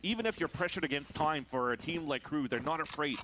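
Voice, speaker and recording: A man's voice: fairly high pitch, lively intonation, fairly quick, poor audio. A man casting an esports match, breaking down the plays analytically. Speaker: esports caster. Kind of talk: play-by-play commentary. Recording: broadcast with arena crowd behind.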